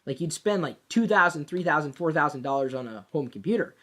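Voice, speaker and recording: A woman telling a personal work story in a casual, animated way, with plenty of fillers and restarts. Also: sits low, fast. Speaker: vlogger.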